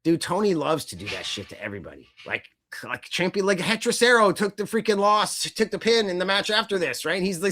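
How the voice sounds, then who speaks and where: A man co-hosting a casual wrestling podcast, rambling and animated, swearing casually as he talks. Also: high-pitched, quick pace. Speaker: podcast co-host.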